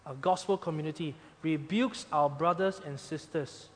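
A male pastor delivers an emphatic sermon in a notably high voice. His points build to loud peaks before dropping to hushed, gentle stretches. The sound rings with the long reverb of a large hall. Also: normal speed. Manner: emphatic preaching, rises loud then drops soft.

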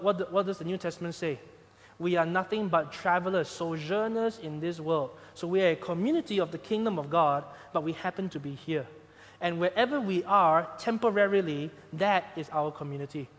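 A man preaching a sermon as pastor, swinging between loud emphatic points and quiet, soft passages. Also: sits high. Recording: long hall reverb.

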